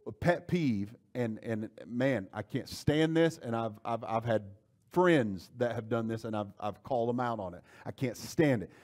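A male pastor teaching a Bible study class. He speaks emphatically, checks in often with his listeners, and reads scripture aloud in old-fashioned wording. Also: on the high side. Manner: emphatic, keeps checking in with "okay?"; animated, rising to forceful emphasis.

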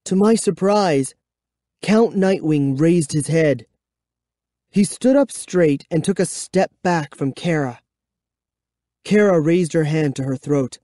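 A man reading a children's horror book aloud, giving expressive, measured first-person storytelling. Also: on the high side, no echo, studio quality. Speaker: audiobook reader. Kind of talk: dramatic audiobook narration.

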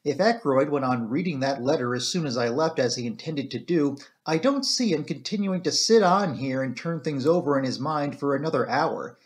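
A man voicing a careful, hesitant doctor who speaks slowly and measuredly in an amateur audiobook reading. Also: on the high side, lively intonation, close to an everyday voice.

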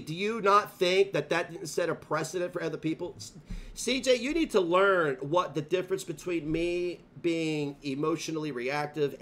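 A male live streamer delivering a profane, confrontational rant full of taunts. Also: a little high. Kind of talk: livestream rant.

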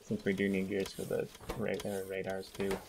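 A man's voice: low-pitched, completely flat delivery, normal speed, vocal fry, noisy background. A man hosting a multiplayer game session in casual chat, joking and sarcastic, often laughing. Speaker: gaming host.

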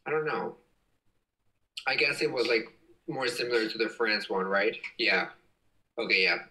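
A man's voice: on the low side, fairly even intonation, moderate pace, pushed and bright, recorded from a distance, rough recording. A young man hosting a casual livestream at home, reading comments and rambling with lots of giggles. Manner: giggly, rambling, frequent laughs. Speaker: livestream host.

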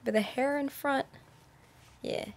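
A woman's voice: high-pitched, steady tone, slow, slight background noise. A woman YouTuber flubbing her video intros, giggling and exclaiming as she restarts her lines. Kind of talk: blooper reel of vlog intros.

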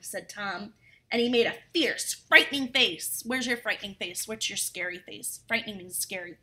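A woman's voice: medium pitch, moderate pace, bright, forceful tone. A woman teacher reading a story aloud and explaining words to young children, chatty and full of questions.

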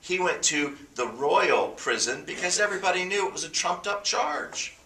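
A pastor preaching a sermon to a congregation, building to emphatic, rising bursts. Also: male voice, sits high, animated, moderate pace, sharp tone, reverberant, far from the mic.

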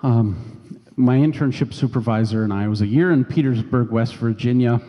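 A man's voice: mid-range voice, normal speed, lo-fi sound. A man preaching a sermon as pastor, telling a personal story in a conversational way. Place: church sanctuary. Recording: long church reverb.

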